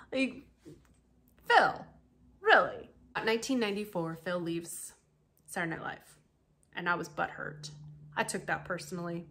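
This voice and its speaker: A woman's voice: mid-range voice, normal speed. A woman hosting a podcast, telling a true-crime story in a casual, chatty way with lots of asides. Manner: chatty, animated, full of asides and laughter. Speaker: podcast host.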